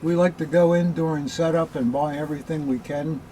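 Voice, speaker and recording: A man's voice: on the high side, steady tone, fairly quick, dark tone, slight background noise, poor audio. A man hosting a collectors' show, chatting and telling stories in a friendly way. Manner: friendly, storytelling. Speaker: host. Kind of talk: casual chat.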